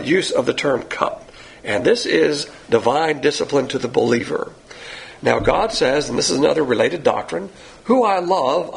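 Male Bible teacher, blunt lecturing delivery, gravelly and animated, slightly high-pitched. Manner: blunt, lecturing, uses a board. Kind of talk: sermon-style Bible lesson.

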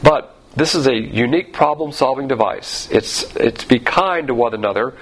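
A man's voice: mid-range voice, lively intonation, moderate pace, breathy edge, low-quality recording. A man preaching a sermon, emphatic, with rhetorical questions and frequent fillers. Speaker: pastor.

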